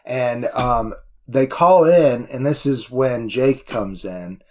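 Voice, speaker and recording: A man's voice: medium pitch, takes it slowly. Man, podcast co-host, casual movie talk, hesitant, lots of fillers, trailing off. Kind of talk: casual film discussion.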